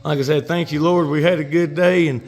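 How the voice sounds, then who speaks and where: A man's voice: fairly high pitch, steady tone, brisk, a little mellow. A middle-aged man with a Southern US accent, chatting casually to viewers from an outdoor building site, folksy and talkative, his throat a little dry. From North Georgia. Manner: folksy, addresses viewers as y'all. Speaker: builder and vlogger. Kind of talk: casual chat to camera. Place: outdoors at a house construction site.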